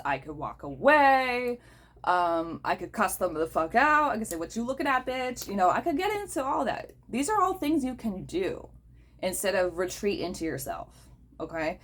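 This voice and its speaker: A woman hosting a casual talk, blunt and profane, who keeps checking in with the listener by asking "okay?". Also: on the low side. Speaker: host.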